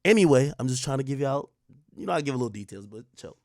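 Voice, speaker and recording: Animated slangy man telling a story. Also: mid-range voice, quick pace, no room sound, clean studio sound. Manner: animated, swings between loud bursts and muttered asides; slangy, profane street talk. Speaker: streamer host. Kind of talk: casual storytelling monologue.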